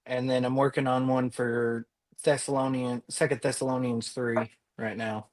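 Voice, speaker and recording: A man, a student in a class, answering in a sheepish, halting way. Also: mid-range voice, flat delivery, a little mellow. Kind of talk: casual classroom chat.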